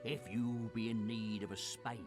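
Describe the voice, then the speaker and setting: An actor playing the ghost of an old pirate in a video game, speaking in a growling pirate accent full of theatrical "arr"s, over game music. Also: male voice, mid-range voice, level tone, normal speed, close to an everyday voice. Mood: mournful. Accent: pirate West Country. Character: ghostly old male pirate, mournful and grand. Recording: game audio with music behind.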